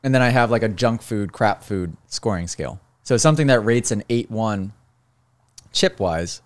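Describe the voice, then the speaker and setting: A man's voice: fairly low pitch, moderate pace. Laid-back rambling podcast man. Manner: rambling, self-described monotone. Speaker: co-host. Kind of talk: casual podcast chat.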